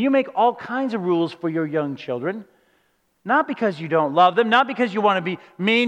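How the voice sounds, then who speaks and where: A man delivering a sermon with an earnest, emphatic preaching manner, leaning on rhetorical questions. His voice sits high for a man. The sound carries a long hall reverb around it. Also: fairly bright tone. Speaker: pastor.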